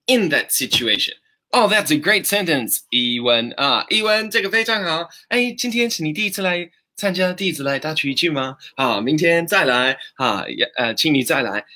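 Bright, upbeat male English teacher. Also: medium pitch. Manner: upbeat, greets and praises viewers by name, switches between English and Mandarin. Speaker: English teacher and live-stream host. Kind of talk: live-streamed English lesson.

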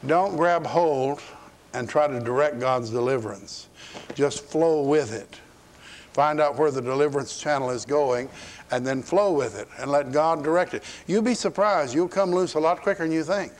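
A man preaching a sermon on an old 1980s tape. His voice sits a little high for a man, and he talks in a folksy, conversational way, slipping into quoted characters as he paraphrases scripture. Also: normal speed. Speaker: pastor.

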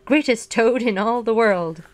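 A woman doing a slow, grand stage announcer. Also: on the high side, a little hiss or hum, voice pushed up, lightly acted. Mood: grandiose. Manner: slow and drawn out, showman-like. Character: grand, strange stage announcer voice from far away. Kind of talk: reading a children's storybook aloud.

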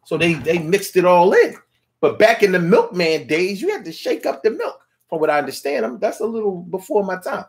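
A man's voice: sits high, big pitch swings, brisk, a little hiss or hum. A man delivering a playful, slangy, rambling comedic monologue, at times mooing like a cow.

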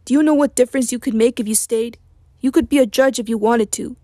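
Woman reading an older male mentor, earnest, disappointed, pressing questions, fairly high voice, dry sound. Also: fast talker, warm tone, no echo, lightly acted.

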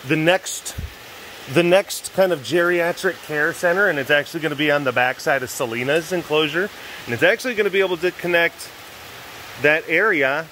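A man's voice: on the high side, pushed and bright, slight background noise, poor audio. A man vlogging casually outdoors at a wild animal facility, rambling playfully with lots of fillers. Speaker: big cat keeper and vlogger. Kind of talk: casual vlog talk.

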